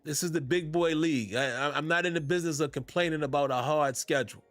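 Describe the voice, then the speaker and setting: Chill guy on his podcast, kinda high voice, laughs a lot, super dry mic. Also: fast talker, fairly bright tone, no room sound. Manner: laid-back Southern-tinged slang, laughs often. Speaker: podcast host. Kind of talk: casual podcast commentary.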